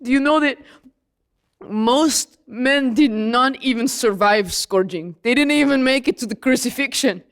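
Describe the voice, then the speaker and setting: Woman as a grieving, indignant apostle, high voice, slow and emphatic. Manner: emphatic and indignant, talks straight to the listener. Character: young apostle John, a man, grieving and indignant. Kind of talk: dramatic first-person monologue.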